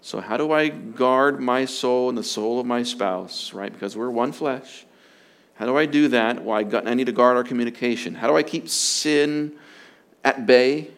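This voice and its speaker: A man's voice: medium pitch, normal speed. A man preaching as a pastor, earnest and emphatic, often repeating his phrases for stress. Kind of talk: sermon on marriage.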